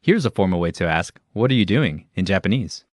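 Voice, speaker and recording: A man giving scripted, even-toned instructional narration for a language lesson. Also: sits low, fairly quick, dry recording. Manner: even, explanatory, announcer-like.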